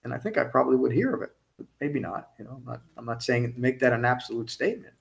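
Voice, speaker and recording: A man's voice: medium pitch, expressive, fast talker, vocal fry. A man teaching at a meditation retreat, speaking conversationally to the group, often ending points with tag questions and restarting sentences as he goes. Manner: restarts and self-corrections mid-sentence. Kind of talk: dharma talk to a retreat group.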